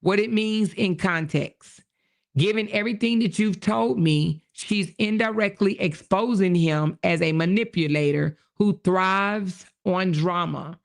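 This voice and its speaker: A woman hosting a casual livestream, reacting to chat with quick exclamations and reading messages aloud, with features. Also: medium pitch, creaky. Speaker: livestream host.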